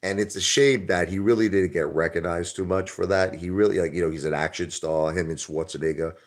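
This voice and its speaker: A man's voice: deep voice, steady tone, a little fast. A middle-aged man, hosting a casual livestream and rambling to his viewers in a street-talking way. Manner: rambling, street-talking, calls people brother. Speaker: livestream host.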